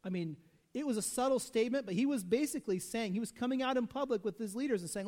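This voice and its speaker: A male pastor preaches in a relaxed, conversational way, tossing in asides and rhetorical questions. His voice sits high, and it rings out with a long hall reverb. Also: quick pace. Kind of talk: sermon.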